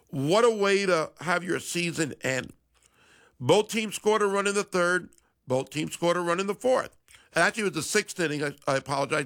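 A middle-aged man talks sports on the radio in a relaxed, wry monologue. His voice sits a little high and carries a gravelly rasp. He often stops to correct himself and then carries on. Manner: chatty, self-correcting, wry. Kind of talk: casual sports talk monologue.

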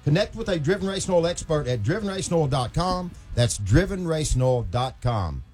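A man hosts a motorsports radio show, reading sponsor spots in a folksy, unhurried voice. His pitch sits a bit high for a man, and soft music plays behind him. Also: animated. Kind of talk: casual radio talk and live ad reads.

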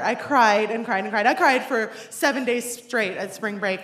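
A woman's voice: fairly high pitch, normal speed, few pauses, a bit bright, a faint crowd, a little hiss or hum. A woman in her forties telling a personal story to an audience in a wry, self-deprecating way, often laughing as she talks. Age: 40s. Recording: roomy echo.

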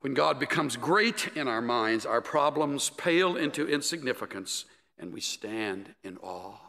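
A male pastor preaching a sermon in a measured, emphatic way. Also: medium pitch, expressive, creaky, bright, forceful tone. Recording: echoey hall with long reverb.

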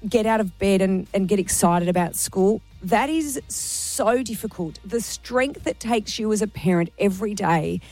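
A woman's voice: mid-range voice, normal speed, few pauses, dark tone, no room sound, soft background music. An Australian woman hosting a radio show, talking earnestly and emotionally in run-on bursts. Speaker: radio host. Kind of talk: breakfast radio chat.

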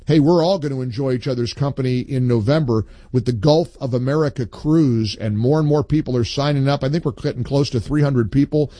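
Emphatic talk radio host, dry studio sound. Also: male voice, fairly high pitch, darkish tone, no echo. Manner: emphatic, reads a post aloud with rising indignation.

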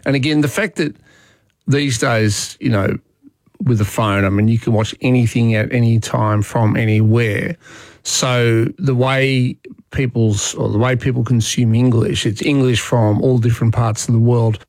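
A man's voice: mid-range voice, fairly even intonation, unhurried, darkish tone, no room sound. A man with an Australian accent hosting talkback radio, chatting in a conversational way and thinking aloud with fillers.

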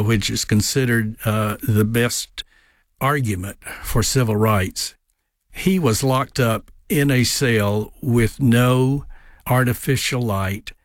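A man's voice: mid-range voice, dry recording, clean studio sound. A man, a guest and author on a radio interview, tells history anecdotes with frequent uh's and um's. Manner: anecdotal storyteller with frequent fillers. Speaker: guest, tourism director and author.

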